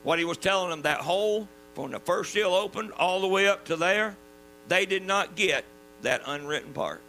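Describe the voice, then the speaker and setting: Southern male preacher, high piercing voice, folksy emphatic sermon, hum under it. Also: normal speed, poor audio. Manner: folksy, emphatic preaching with sudden drops to quiet. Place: church.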